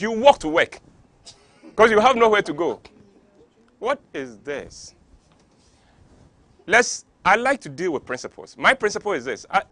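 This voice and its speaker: A man with a Ghanaian English accent holds forth like a preacher, his voice leaping up and down with lively, animated pitch. His tone is bright and forceful, slightly higher than most men's, and he peppers the listener with rhetorical questions. The sound is dry and close. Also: dry recording. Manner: gets worked up. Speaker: talk show host. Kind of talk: impassioned talk show monologue.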